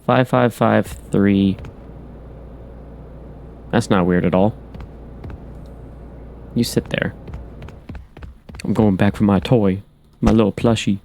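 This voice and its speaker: A man's voice: fairly low pitch, fairly even intonation, measured pace, creaky, pauses often, mellow, a little hiss or hum. A man hosting a horror game playthrough, muttering to himself as he works through codes and making wry asides. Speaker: gaming channel host. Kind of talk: let's play commentary.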